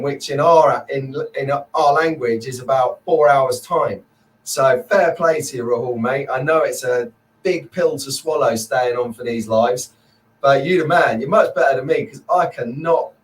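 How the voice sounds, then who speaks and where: A man's voice: on the high side, recorded from a distance, low-quality recording. A man hosting a casual live stream chat, upbeat and rambling, greeting viewers by name. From Merseyside, England.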